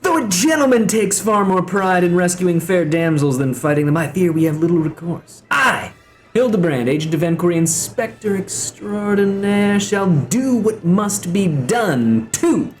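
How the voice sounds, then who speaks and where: Dude doing a pompous gentleman detective, big theatrical declaiming, pitch leaping way up. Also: animated, a little slow, faint music behind. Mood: grandiose. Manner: grandiose, declamatory. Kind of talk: reading game dialogue aloud.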